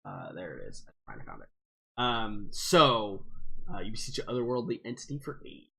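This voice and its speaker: A man running a tabletop role-playing game, narrating in a halting, casual way with frequent fillers. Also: lowish voice, huge pitch swings, vocal fry, pushed and bright, breathy edge. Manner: halting, many fillers and restarts. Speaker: game master.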